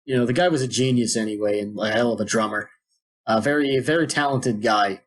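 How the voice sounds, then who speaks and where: A man's voice: medium pitch, fairly quick, a little hiss or hum. A man co-hosting a podcast, telling a long story in a rambling, digressive way. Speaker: podcast co-host. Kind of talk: casual podcast chat.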